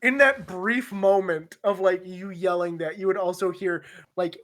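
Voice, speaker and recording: A woman's voice: on the low side, unhurried, few pauses. A woman narrating as game master of a tabletop role-playing game, laughing often as she describes scenes. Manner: laughs often, relaxed and swearing.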